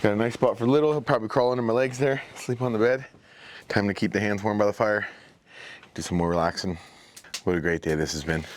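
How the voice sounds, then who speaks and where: Low-voiced man hosting a camping vlog, relaxed and chatty, recorded outdoors on a camera mic. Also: fast, slight background noise. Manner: relaxed, chatty, talks to the viewers. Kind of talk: casual vlog narration. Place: outdoors at a forest campsite by a fire.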